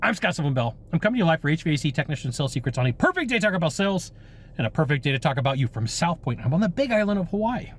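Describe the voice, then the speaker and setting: A man's voice: on the high side, sing-song, rapid-fire. An American man hosting a sales training show, talking in an upbeat, emphatic way while outdoors on a windy coast. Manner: upbeat, emphatic, playful repetition. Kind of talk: energetic outdoor sales talk.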